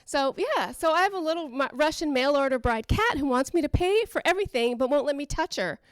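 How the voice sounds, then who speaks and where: Woman comedian, high voice, dry sound, rambling self-deprecating stand-up, from oakland. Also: lively intonation, brisk, no room sound. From Oakland, California. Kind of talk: stand-up routine.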